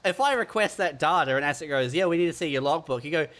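A man in loose conversation, thinking out loud with plenty of ums before he leans into the joke. His voice sits a little on the high side. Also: animated, fast. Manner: musing, trailing off with fillers, then joining the joke. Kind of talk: casual comedic banter.

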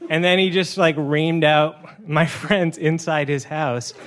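A man's voice: fairly high pitch, fairly even intonation, slow, crowd noise, background noise. A young man telling a funny personal story on a stage, chatty, full of "uh" and "like", laughing as he goes. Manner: chatty, many "uh" and "like" fillers, laughing through the story. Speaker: storytelling contestant. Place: stage before a live audience.

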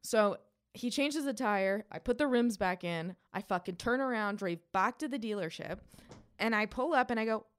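A young woman co-hosting a podcast, telling a long story in a casual, animated way, swearing often and acting out what people said. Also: mid-range voice, normal speed, clean tone. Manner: animated, profane storytelling with quoted voices. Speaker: podcast co-host.

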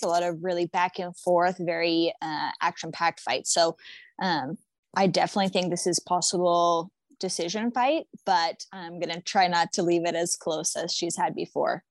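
A woman's voice: fairly low pitch, normal speed, dry recording. A woman guest answering interview questions in a plain, matter-of-fact way. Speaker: guest fighter.

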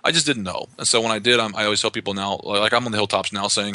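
Fast-talking, bright-voiced male investor. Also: on the low side, dry recording. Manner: fast, animated explainer with frequent restarts. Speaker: real estate investor guest. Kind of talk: conversational podcast interview.

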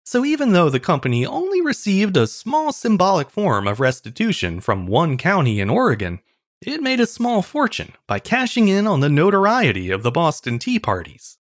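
A man's voice: high voice, huge pitch swings, normal speed, dry recording, clean studio sound. A man hosting a history podcast, reading a scripted story in a wry, storytelling way. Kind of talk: scripted narration.

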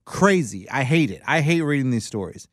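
Animated male radio co-host, storytelling banter, close dry mic. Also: medium pitch, normal speed, no room sound. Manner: animated storyteller, acts out quotes.

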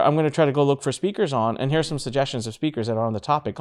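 Animated male business podcast host. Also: fast. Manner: animated storyteller, acts out quotes with big pitch jumps. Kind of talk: casual business chat.

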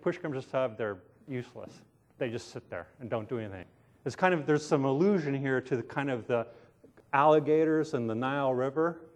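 A man's voice: medium pitch, a little mellow. A man preaching a conversational sermon in a casual tone, often asking his listeners questions and calling himself sarcastic. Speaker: pastor.

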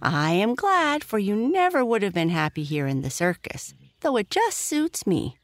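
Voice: very animated, moderate pace, no echo, close to an everyday voice. A bedtime-story narrator voicing Mappo, a cheerful male circus monkey, in a raised, chatty voice, on a dry recording. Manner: chatty, pitched up high.

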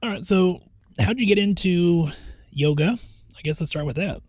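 A man co-hosting a podcast, casually chatting and reading out study findings in a steady, matter-of-fact way. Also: sits high, moderate pace, dry recording. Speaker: podcast co-host.

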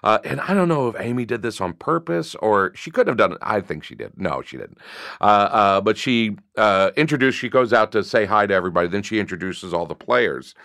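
A man talking casually and telling stories about improv, bursting into high voices as he acts out characters. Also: a little fast, vocal fry, dry recording, clean studio sound. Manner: animated storyteller, jumps high acting out voices. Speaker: improv comedian guest. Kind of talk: casual storytelling chat.

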